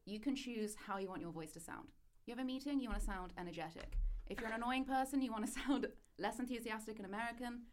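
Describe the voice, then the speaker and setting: A young British woman co-hosting a casual podcast chat, talking in a dry, flat way that she says sounds sarcastic. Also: on the high side, quick pace, hardly any pauses, a little hiss or hum. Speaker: podcast co-host pitching an idea.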